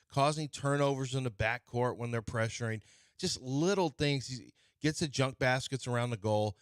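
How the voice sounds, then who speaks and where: A man hosting a sports radio show, talking in an animated, playfully argumentative way. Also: mid-range voice, dry recording, studio quality. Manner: animated, playfully argumentative, jumps between topics. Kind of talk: casual sports talk banter. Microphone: studio mic.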